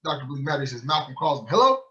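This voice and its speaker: A man's voice: a little high, fairly quick. A man giving a book club talk as a sheikh, telling a story with energy and acting out quoted dialogue. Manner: animated storyteller who acts out quoted dialogue. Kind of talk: storytelling lecture. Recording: muffled lo-fi recording.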